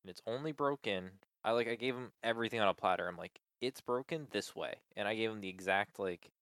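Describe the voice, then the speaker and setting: A man's voice: lowish voice, brisk, a bit bright, clean tone, no room sound. A man in casual chat, venting with exasperation about a support call, swearing often and filling with "like".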